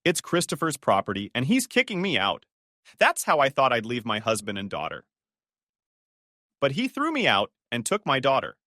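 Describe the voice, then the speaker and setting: A worried young mom close to tears, talking anxiously in a lively up-and-down voice, as a male storyteller reads her part. dry close sound with no room in it. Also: extremely low pitch, moderate pace, dry recording, exaggerated voice. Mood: upset. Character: distraught young mother, tearful.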